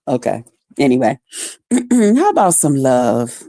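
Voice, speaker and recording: A woman's voice: medium pitch, a little slow, darkish tone, no room sound, studio quality. A woman live-streaming to her viewers in a casual, brash and profane way, reading out chat comments and thanking her fans.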